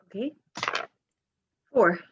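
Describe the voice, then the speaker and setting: A woman's voice: extremely slow, fairly bright tone, slight background noise. A woman playing a tabletop game, joking and answering in character. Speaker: player. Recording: muffled lo-fi mic.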